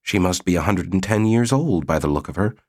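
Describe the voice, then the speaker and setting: A man's voice: sits low, animated, brisk, a little mellow, no echo. A man voicing a wry, reluctant male colonist who sounds dry and unconvinced.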